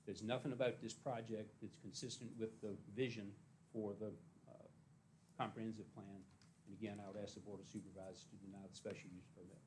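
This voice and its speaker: Flat-voiced man, noisy recording. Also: fairly low pitch, brisk. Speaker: citizen speaking at public comment.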